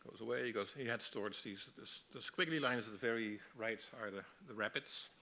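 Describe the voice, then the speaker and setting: A man teaching a masterclass on storyboarding, explaining in a relaxed way with frequent restarts. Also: on the low side, a little fast, slight background noise. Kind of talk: lecture on storyboarding.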